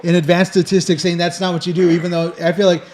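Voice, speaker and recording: A man's voice: high-pitched, level tone, quick pace, a little mellow, a little hiss or hum. Easygoing man in casual sports chat. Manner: easygoing, joking, trails off mid-sentence. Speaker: podcast co-host.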